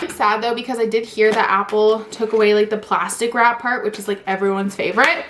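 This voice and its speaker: A woman in her twenties unboxing a new phone in a vlog, gushing and squealing with excitement, saying "like" and "oh my god" constantly. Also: mid-range voice, a little fast, hardly any pauses, background noise. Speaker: vlogger.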